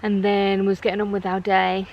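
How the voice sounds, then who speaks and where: A young woman talks casually to the camera in a vlog. Her voice sits at a middle pitch and drifts from gushing delight to a hushed, subdued tone. A faint background noise hums under her voice. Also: moderate pace, dull audio. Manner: gushing, breathy and excitable, then hushed and subdued. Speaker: vlogger.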